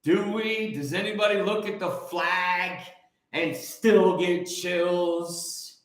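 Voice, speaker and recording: A man's voice: high voice, fairly even intonation, slow pace. Fiery preachy man in an echoey room. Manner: preachy, rousing, swings between shouting and muttering, sings snatches. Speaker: host. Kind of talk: fiery motivational monologue.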